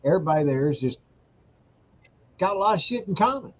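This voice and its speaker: A man's voice: high voice, lively intonation, a little fast. A man talking casually and plainly about playing poker events. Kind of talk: casual chat. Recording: dull lo-fi audio with faint noise.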